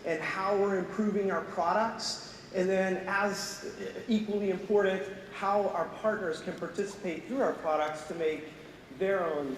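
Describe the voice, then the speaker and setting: A man with a notably high voice opens a conference, upbeat and full of thanks, with a few filler restarts. The sound is roomy and reverberant, caught from afar in a big hall with faint noise underneath. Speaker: event presenter introducing speakers. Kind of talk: conference opening remarks. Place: large conference hall on stage. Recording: echoey hall, distant mic, faint noise.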